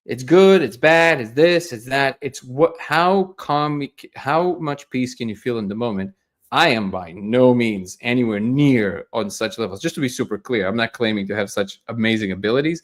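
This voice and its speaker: A man with a medium-pitched voice speaks at a normal pace while hosting a daily live discussion show. His manner is earnest and reflective, and he often repeats words as he collects his thoughts.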